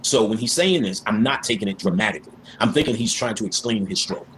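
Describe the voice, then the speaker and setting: A man's voice: fairly low pitch, quick pace, slight background noise. A man telling stories and talking about spiritual ideas in a casual way, acting out the voices of the people he quotes. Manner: animated, acts out voices in quotes. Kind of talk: casual storytelling and spiritual talk.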